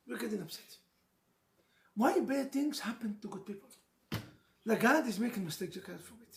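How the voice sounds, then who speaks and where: High-pitched gravelly rabbi preaching. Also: male voice, quick pace. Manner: emotional storytelling, mixes Hebrew phrases, jokes with listeners. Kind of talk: animated sermon to a live audience. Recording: echoey room with faint noise.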